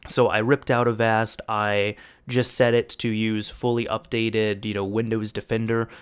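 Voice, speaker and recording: A young man casually telling a story about fixing a friend's computer, acting out the quoted dialogue with lively energy. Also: on the low side, measured pace, clear, resonant tone. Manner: animated, acts out quoted dialogue. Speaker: storyteller recounting a tech fix.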